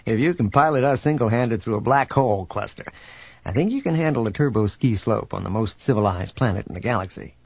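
A man voicing a brash, roguish starship captain who teases his young friend in a gruff tone, in a storybook reading. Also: lowish voice, expressive, fairly quick, no echo, muffled recording, heavily acted. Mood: wry.

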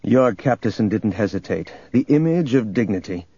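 Husky male audiobook narrator. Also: fairly low pitch, expressive, moderate pace, dark tone, dull audio. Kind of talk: scripted narration.

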